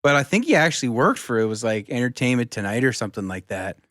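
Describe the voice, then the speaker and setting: A man's voice: mid-range voice, very animated, quick pace, a bit bright, dry recording, clean studio sound. A man co-hosting a comedy podcast, telling rambling anecdotes in a laid-back casual chat. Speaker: podcast co-host.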